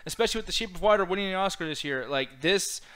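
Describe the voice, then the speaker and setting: A man's voice: sits high, expressive, rapid-fire, a bit bright. A young man co-hosting a casual podcast chat, ranting with lots of swearing and frequent laughter. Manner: profane, ranting, laughs often. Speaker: co-host.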